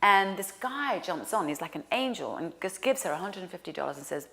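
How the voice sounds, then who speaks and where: Lively woman telling a personal story. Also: on the low side, brisk, gravelly. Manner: animated, drops to hushed whispers for quoted lines. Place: lives in New York.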